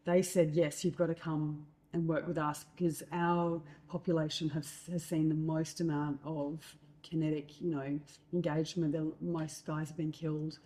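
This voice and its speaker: A middle-aged Australian woman, a guest, telling lively stories in conversation and acting out what others said, with many fillers. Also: deep voice, normal speed. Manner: lively anecdotes with acted-out quotes, fillers. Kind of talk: storytelling in conversation.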